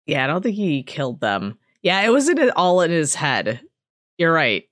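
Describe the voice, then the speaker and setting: A woman's voice: low voice, sing-song, moderate pace, fairly bright tone, dry recording, clean studio sound. A woman co-hosting a podcast in casual chat, laid-back and teasing. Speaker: podcast co-host and network owner.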